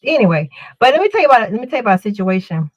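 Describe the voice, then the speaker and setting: A woman's voice: medium pitch, sing-song, very fast, dull audio. A woman co-hosting a talk show, telling a story in a loose, rambling way that keeps repeating words and restarting. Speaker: podcast co-host. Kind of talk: casual storytelling chat.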